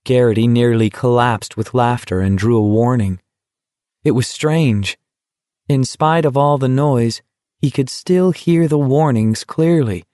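Slow, measured male audiobook narrator. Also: mid-range voice, dark tone, no room sound, studio quality. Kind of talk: scripted narration.

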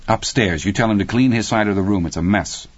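Man doing bossy mom voice, brisk orders, dull muffled sound. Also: lowish voice, no room sound, pitched above the performer's own voice, natural voice. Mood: scolding. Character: stern mother scolding her small son.

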